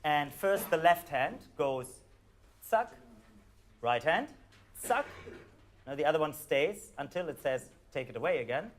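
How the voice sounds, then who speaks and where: A man with a German accent, calmly guiding a live audience through a performance score, with hesitant fillers. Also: on the high side, unhurried, pauses often, slight background noise. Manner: calm, instructive, hesitant with fillers.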